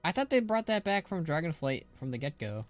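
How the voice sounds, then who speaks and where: A man's voice: a little high, big pitch swings, fairly quick, soft background music. Playful laughing streamer guy. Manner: playful, laughs often, teasing. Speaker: game streamer. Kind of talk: casual chat while gaming.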